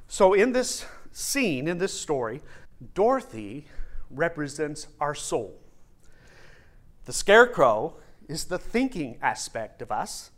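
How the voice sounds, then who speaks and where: Slow, animated male preacher. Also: a little high. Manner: deliberate, repeats key phrases for emphasis. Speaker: minister. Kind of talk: sermon.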